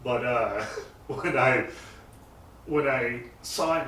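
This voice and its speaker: A man's voice: mid-range voice, measured pace, fairly bright tone. Man, car builder, rambling storyteller, fillers and restarts, distant mic, echoey garage. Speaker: custom car builder and painter. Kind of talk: casual interview talk. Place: garage shop. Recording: roomy echo, mic set far off, faint noise.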